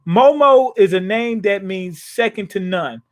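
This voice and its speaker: A man's voice: high-pitched, animated, measured pace. A man hosting a live comic reaction, reading scenes aloud and retelling them in casual slang, often restarting and chuckling. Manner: casual, slangy, paraphrases scenes in his own words. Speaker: manga reaction host.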